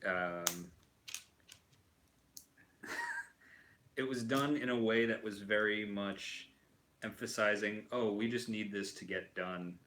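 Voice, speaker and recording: A man's voice: on the low side, huge pitch swings, takes it slowly, long pauses, a bit bright, a little hiss or hum, rough recording. A man hosting a casual chat while building a toy kit, rambling with lots of fillers and restarts. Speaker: host.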